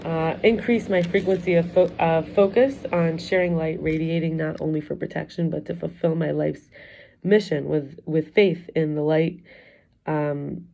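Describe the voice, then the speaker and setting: Low, mellow-voiced woman musing candidly. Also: fairly even intonation, moderate pace, creaky. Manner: candid, rambling, confessional. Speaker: wellness coach and teacher. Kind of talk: personal reflective vlog.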